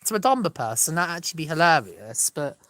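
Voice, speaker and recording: A woman's voice: low voice, sing-song, fast, a bit bright, no echo. An Englishwoman vlogging alone, rambling from joke to joke and apologizing often. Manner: apologetic, digressive, laughs at own jokes. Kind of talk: rambling solo comedy chat.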